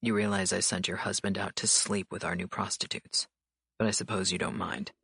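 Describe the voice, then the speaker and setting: A cool, controlled mafia boss in a lowered, gravelly voice. He speaks calmly and evenly, with a husky edge, and the recording is dry and close. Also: no echo, full character voice. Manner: calm, low, measured delivery.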